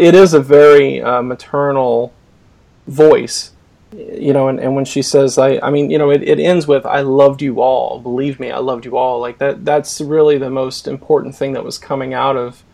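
A man from the Boston area hosts a poetry podcast over a video call, talking in a hesitant way with many fillers during a casual discussion. His mid-range voice has vocal fry and a darkish tone.

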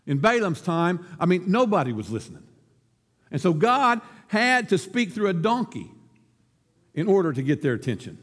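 A man's voice: sits high, in a large hall. A man preaching a sermon as pastor, telling a folksy story and laughing at his own joke.

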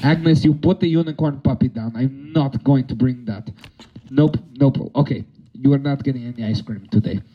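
A man's voice: medium pitch, moderate pace, slightly rough, lo-fi sound, natural voice. A man voicing a cartoon supervillain dad who minds his daughters in a fatherly, scolding way.

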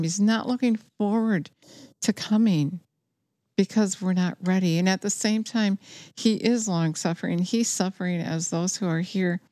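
Urging her congregation to take action, a woman preaches a sermon with earnest urgency in a warm, fairly low voice. Her sound is intimate and dry, with hardly any reverberation.

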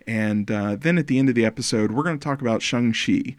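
A man's voice: mid-range voice, fast, no echo. A man in his forties hosting a casual film podcast, playful and teasing, talking at length with little restarts. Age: 40s. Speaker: podcast host.

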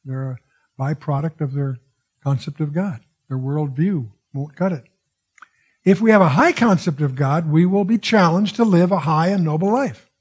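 A man teaches through a Bible passage, his voice husky and pitched a little high. He muses as he goes, drifting into asides and circling back with restarts. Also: a little mellow. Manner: digressive, musing, frequent wows and restarts.

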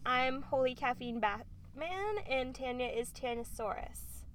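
A woman's voice: high voice, expressive, a little slow, slight background noise. A woman co-hosting a podcast, chatting and teasing with frequent laughter inside a parked car. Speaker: podcast co-host. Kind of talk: casual chat.

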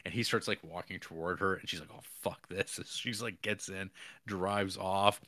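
A man's voice: low voice, steady tone, moderate pace, bright, forceful tone, dry recording, studio quality. A man co-hosting a podcast, recapping a film in a rambling casual way with frequent chuckles. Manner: rambling, chuckles often, many fillers. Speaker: podcast co-host.

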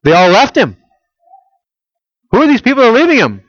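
A man preaching a sermon. He keeps asking the listeners rhetorical questions and swings between loud emphasis and quiet, intimate prayer-like tones. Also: very high-pitched, wildly swooping pitch, a little fast, no echo, lo-fi sound. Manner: asks the audience rhetorical questions. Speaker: pastor.

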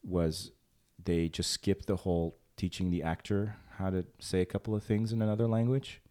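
A man with a very low voice hosts a casual podcast chat. He rambles loosely, cracks jokes and restarts his sentences often. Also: little pitch movement, normal speed, mellow. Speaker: podcast host.

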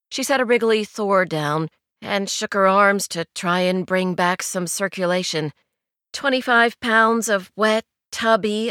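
A woman narrating a novel in a measured, wry storytelling manner, recorded on a studio mic. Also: lowish voice, fairly bright tone, clear, resonant tone, no room sound. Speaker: audiobook narrator. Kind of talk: scripted narration.

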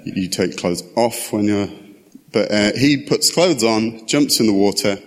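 Low-voiced preacher in a reverberant hall. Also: male voice, a little slow. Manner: conversational, chatty asides. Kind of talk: casual sermon with scripture reading.

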